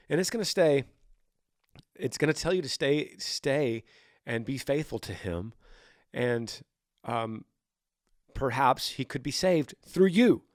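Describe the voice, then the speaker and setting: A man in his thirties hosting a faith podcast, answering a listener in earnest, animated casual talk with frequent restarts, sometimes acting out quoted voices. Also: mid-range voice, dry recording, clean studio sound. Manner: frequent restarts and repeated words. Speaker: podcast host.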